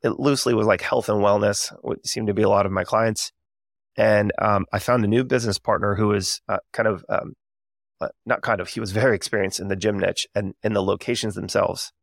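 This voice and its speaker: A man's voice: on the low side, fairly even intonation, fairly quick, creaky, no room sound, clean studio sound. A man in his thirties hosting a podcast, telling a candid, reflective story in a casual way with many fillers. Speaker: podcast host.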